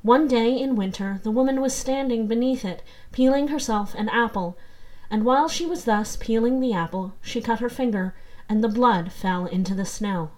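Woman calmly narrating a fairy tale. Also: fairly high pitch, normal speed, poor audio. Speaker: storyteller. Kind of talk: storybook narration.

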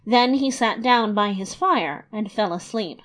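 A woman narrating a fairy tale in a lively, expressive storybook reading. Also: mid-range voice, a little slow.

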